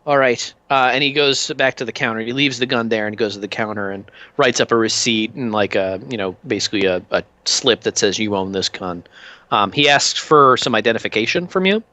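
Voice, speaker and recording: A man's voice: medium pitch, a little fast, hardly any pauses, pushed and bright. A man narrating a tabletop game as game master, in a loose way with many fillers. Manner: loose, many ums and uhs.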